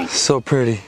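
A man making a casual, excited travel vlog outdoors at a camel farm, gasping and exclaiming as he films. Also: fairly low pitch. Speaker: travel vlogger.

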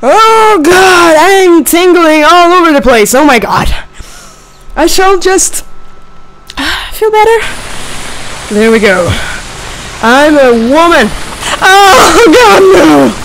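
A woman's voice: extremely high pitch, very animated, takes it slowly, long pauses, a bit bright, a little hiss or hum, rough recording. A young woman playing a horror game, panicking, screaming and giggling nervously as she talks. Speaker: gamer. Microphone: desk microphone.

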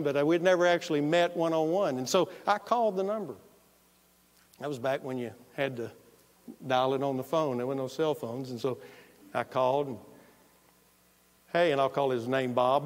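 A man preaching a sermon as a pastor, telling a personal story in an animated way and acting out what he and others said. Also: on the high side, brisk. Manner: storytelling, animated, quoting himself. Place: church sanctuary. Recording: long reverb of a church hall.

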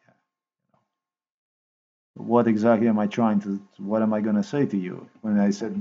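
A man's voice: fairly low pitch, moderate pace, pauses often. A man telling a long rambling story in a casual monologue, repeating himself and swearing freely. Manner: repetitive, profane, excitable storytelling. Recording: dull lo-fi recording.

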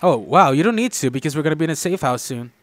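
A man's voice: a little high, dry recording. Joking young man gaming with a friend. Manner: excitable, joking, quick reactions. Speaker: gaming channel host. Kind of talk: casual co-op gameplay chat.

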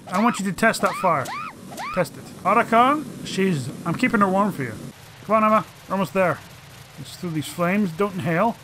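A man's voice: high-pitched, animated, moderate pace, noisy background. A man doing let's play commentary, swearing and mock-dramatically teasing the game's characters.

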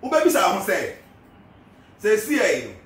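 A man's voice: high voice, huge pitch swings, moderate pace, fairly bright tone. A Ghanaian man hosting a live show, giving casual political commentary, switching between Twi and English and asking rhetorical questions. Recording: echoey, far from the mic, faint background noise.

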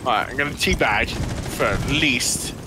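A man's voice: mid-range voice, measured pace, noisy background. A man joining a friend's gaming stream, joking around and swearing, sometimes putting on a mock commentator voice. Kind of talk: casual gaming stream chat.

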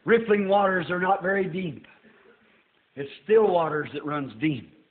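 Old preacher man, high pitched, folksy and shouty, sounds like an old echoey tape. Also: measured pace. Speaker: pastor. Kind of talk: sermon. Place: church. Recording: tinny roomy old sermon tape.

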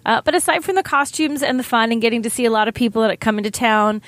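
A woman's voice: a little high, quick pace, fairly bright tone, no room sound. A middle-aged woman hosting her own podcast segment, telling a chatty, upbeat story about a convention. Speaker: segment host.

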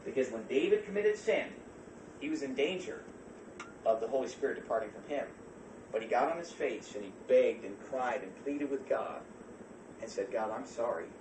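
A man preaching a fervent sermon as pastor, swinging from quiet passages to loud shouts. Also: medium pitch, lively intonation, moderate pace, noisy background. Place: church. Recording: echoey church from far off.

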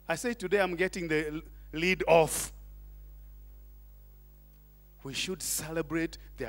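A middle-aged man preaching a sermon, animated, tossing in Swahili asides and questions to the congregation. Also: a little high. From Kenya. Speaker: pastor.

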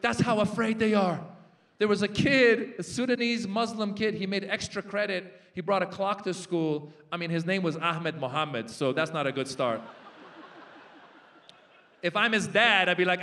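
A man in his forties doing a stand-up comedy set on a festival stage. He tells his stories with animated character voices for the punchlines. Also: sits high, normal speed. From Iranian-American. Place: large festival stage with live translation.

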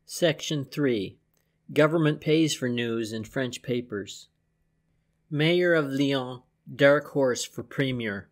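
A man reading an old newspaper dispatch aloud as an audiobook narrator, at a measured, even reading pace. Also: mid-range voice. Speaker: audiobook reader.

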